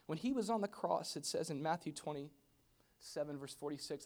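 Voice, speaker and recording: A man preaching a sermon, swinging from hushed whispers to loud exclamations. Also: fairly high pitch, lively intonation, normal speed.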